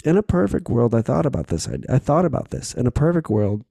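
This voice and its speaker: Gravelly, swearing podcast host. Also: male voice, mid-range voice, big pitch swings, fast talker, dark tone, dry recording, studio quality. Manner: candid, swears freely, acts out little scenes. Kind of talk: casual solo podcast talk.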